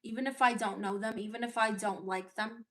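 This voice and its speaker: Brooklyn-accented woman host, a touch high-pitched, sassy and unapologetic, chatting with viewers on a stream. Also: fairly even intonation, a little fast. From Brooklyn, New York. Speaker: livestream host. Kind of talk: casual livestream chat reading viewer comments.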